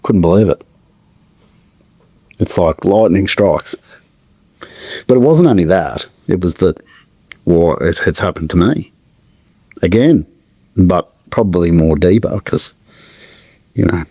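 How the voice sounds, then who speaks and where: A middle-aged man with a very low, gravelly voice tells a painful personal story in a halting way. He often stops, restarts and searches for words. The close recording is dry, with no room echo. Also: animated, dark tone. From Australia. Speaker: podcast guest.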